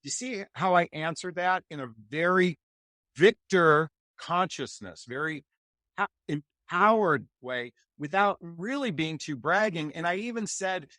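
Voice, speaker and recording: Animated American man coaching on a podcast. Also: a little high, unhurried, no echo. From United States. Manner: animated, enthusiastic, acts out example replies. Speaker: dating and relationship coach, guest. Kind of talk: podcast interview.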